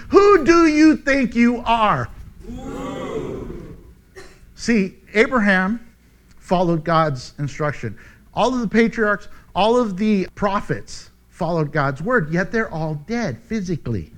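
A man teaching a sermon verse by verse, animated and joking, acting out the quoted speech. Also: sits high. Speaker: preacher.

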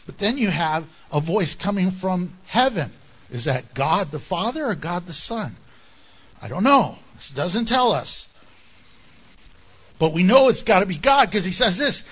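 A male pastor preaching with a high, bright voice that leaps up and down in pitch. He talks to the congregation in a conversational way, breaking into jokes and asides. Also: very animated, unhurried, breathy edge. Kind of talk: sermon.

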